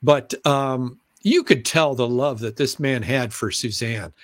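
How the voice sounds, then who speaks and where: A middle-aged man, a former TV announcer and weatherman, telling stories as an interview guest, animated and often clearing his throat. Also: unhurried, no room sound. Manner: animated, acts out excited voices in a high pitch. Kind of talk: conversational storytelling.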